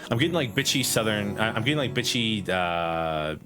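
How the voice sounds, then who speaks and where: A man's voice: lowish voice, expressive, normal speed, over music. A young man streaming a game, joking, laughing and swearing in casual, rambling commentary.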